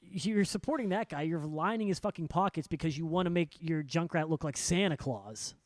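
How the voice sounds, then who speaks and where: A man's voice: fairly high pitch, a little fast, no room sound. A young man co-hosting a podcast, ranting with exasperation and heavy swearing. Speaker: podcast co-host. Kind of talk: casual podcast rant. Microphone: studio podcast mic.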